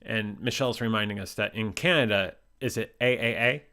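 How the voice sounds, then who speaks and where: A man's voice: on the low side, a little fast, sharp tone. A man hosting a casual livestream chat, joking around and reading out viewer comments. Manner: jokey, reads out viewer comments. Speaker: host.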